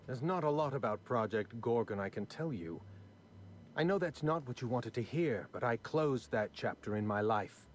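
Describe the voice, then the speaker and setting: In video game dialogue, a man plays a prim aristocrat obsessed with numbers, fussy and condescending, with precise diction and a dry mood. His mid-range voice has lively intonation and a moderate pace, sounds close to an everyday voice, and carries a little hiss or hum.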